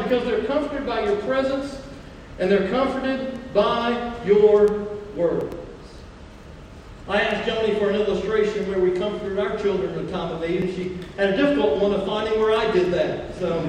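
A male pastor preaching a sermon, slowing down to stress key phrases and mixing scripture with stories about his own family. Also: sits high, a little hiss or hum. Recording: echoey hall, mic far off.

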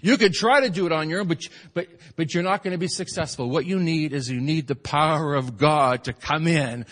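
Male pastor, slightly high voice, dynamic preaching, long church-hall reverb. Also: a little fast, hardly any pauses. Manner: preaching, swings from shouted peaks to soft asides. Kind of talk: sermon.

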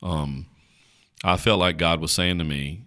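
A man from rural North Carolina, a pastor talking on a podcast in a slow country drawl and checking in with "right?". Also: low voice, fairly even intonation, pushed and bright. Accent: rural North Carolina Southern. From North Carolina, USA. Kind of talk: casual podcast chat.

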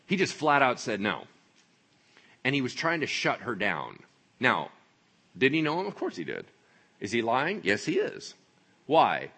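Animated husky male preacher. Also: mid-range voice, a little slow, pauses often. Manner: animated, joking, acts out voices. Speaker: pastor. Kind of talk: sermon.

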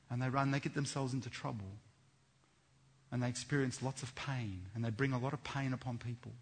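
A man preaching a sermon, swinging between loud fervent exhortation and hushed earnest appeals. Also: mid-range voice, breathy edge.

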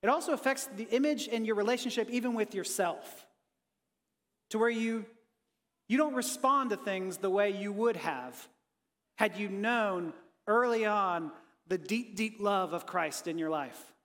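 A pastor giving an energetic, conversational sermon and talking with his congregation in a church. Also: high-pitched, measured pace, long reverb tail.

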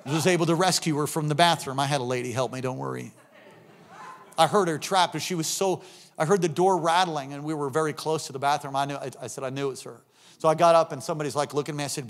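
A middle-aged man preaching a sermon, telling a story and acting out the voices in it, building up to shouts. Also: fairly high pitch, fast. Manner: animated, acts out voices in anecdotes, rising to shouts. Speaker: pastor.

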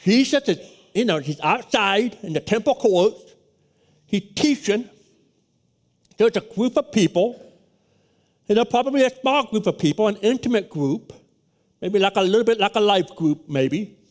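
A male pastor with a high-pitched, loud voice tells a story from the pulpit. He talks in an animated way and often stumbles and starts his phrases over. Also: moderate pace, pauses often. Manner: animated storytelling with many restarts. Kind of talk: sermon with personal story.

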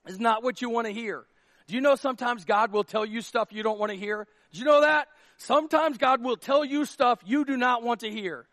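A man's voice: very high voice, no echo, studio quality. A man, a pastor, preaching a casual, humorous sermon and acting out little scenes. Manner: animated, jokey, acts out quotes.

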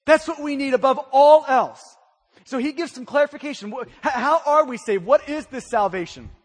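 A male pastor preaching a sermon, swinging from hushed lines to loud emphatic ones. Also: extremely high pitch, moderate pace. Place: church sanctuary. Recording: long reverb of a large hall.

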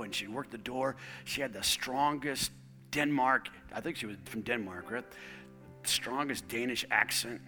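A middle-aged man preaching a sermon in a church, swinging from loud, rising declarations to hushed, near-whispered lines and repeating key phrases for emphasis. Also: mid-range voice, big-room sound. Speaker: pastor. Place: church sanctuary.

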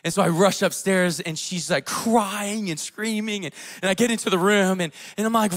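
A man in his thirties preaching a sermon as pastor, telling family stories in a casual way with fillers, dropping to a hush and then rising loud. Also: sits high, steady tone, brisk. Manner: casual storytelling with fillers, swinging between hushed and loud.

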